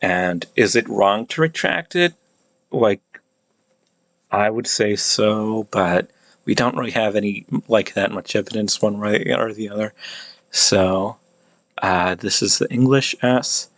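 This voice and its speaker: A man casually explaining pronunciation, thinking aloud with many halting restarts. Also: fairly low pitch, a bit bright, no echo. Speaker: language hobbyist explaining pronunciation.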